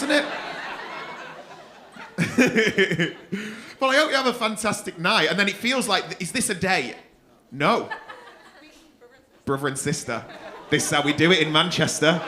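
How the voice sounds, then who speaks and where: A man's voice: high-pitched, noisy background. A man doing crowd work as a stand-up comedian in a club, teasing audience members with a cheeky, swearing manner. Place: comedy club stage before a laughing crowd. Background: audience laughter.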